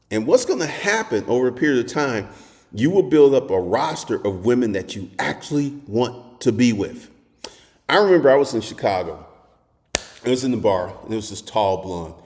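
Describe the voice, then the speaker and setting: Blunt, crude man with a lively voice. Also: medium pitch, in a large hall. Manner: crude, animated storytelling, swings to shouting. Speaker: dating advice host. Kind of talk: blunt monologue.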